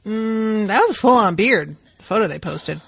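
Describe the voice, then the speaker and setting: A woman co-hosting a podcast, chatting casually and telling stories in an animated way with the odd swear word. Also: mid-range voice, normal speed, creaky, slightly rough, no room sound. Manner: animated, profane storytelling. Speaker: podcast co-host.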